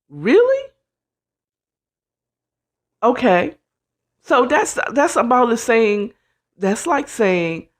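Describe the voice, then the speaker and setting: A woman hosting a casual advice talk, animated and blunt, acting out quoted voices and sprinkling in "child" and "you know what I'm saying.". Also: a little high, drawn-out words, long pauses. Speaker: host.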